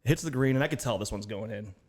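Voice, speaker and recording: A man co-hosting a casual podcast, telling an animated story and acting out both sides of each exchange. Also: lowish voice, fast talker. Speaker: podcast co-host. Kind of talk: casual chat.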